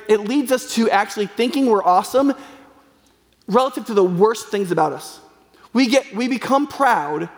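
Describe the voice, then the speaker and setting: A man's voice: high voice, gravelly. A man preaching a sermon as a pastor, earnest and conversational, with frequent fillers and restarts. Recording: long hall reverb.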